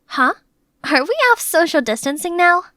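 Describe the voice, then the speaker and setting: Young woman, storybook narrator: high, bright, chatty and dramatic, dry close mic. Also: normal speed, no echo. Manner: chatty, animated, playfully dramatic. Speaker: narrator and maid character. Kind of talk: scripted first-person story narration.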